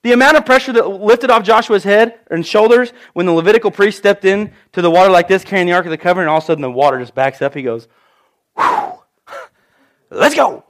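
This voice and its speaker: A man preaching an animated sermon, acting out the voices of the people he quotes. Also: high voice, racing, hardly any pauses. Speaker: pastor.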